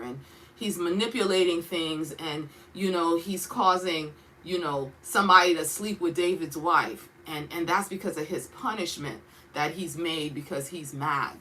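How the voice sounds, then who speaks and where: A woman's voice: sits low, a bit bright, slight background noise, poor audio. A woman giving a casual Bible teaching in a conversational way, asking questions and checking in with her listeners often.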